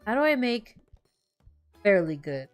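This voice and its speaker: A woman's voice: medium pitch, sing-song, a little slow. A young woman streaming a game, chatting casually, laughing often and swearing as she tells stories. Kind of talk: casual gameplay chat. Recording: faint background music.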